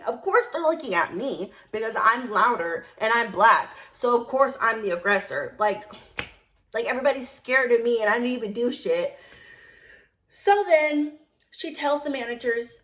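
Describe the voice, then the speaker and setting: A young woman telling a casual storytime vlog about her serving job, animated, blunt and full of swearing and emphatic repetition. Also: fairly high pitch, normal speed. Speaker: storyteller recounting her work as a server.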